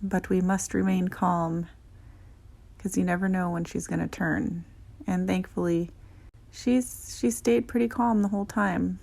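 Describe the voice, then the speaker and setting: A young adult woman, a dog groomer, giving gentle, chatty voice-over narration that explains her work. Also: lowish voice, steady tone, measured pace, gravelly.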